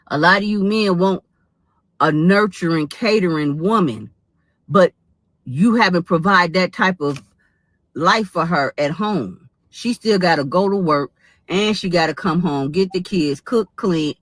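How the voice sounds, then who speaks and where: A woman's voice: mid-range voice, a bit bright, no room sound. Lecturing woman giving opinion commentary. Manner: lecturing, repeats points for emphasis. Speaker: commentator in a played clip.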